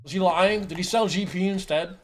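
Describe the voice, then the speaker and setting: A man's voice: high-pitched, brisk, a little hiss or hum. A man streaming live and reacting to a video in casual chat, swearing and venting with frequent "bro" and "dude". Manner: profane, exasperated outbursts; calls listeners bro and dude.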